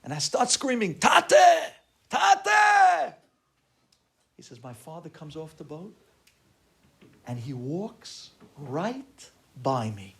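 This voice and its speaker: Animated rabbi telling a story. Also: male voice, fairly high pitch, slow pace. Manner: acts out quoted voices, shouting and exclaiming.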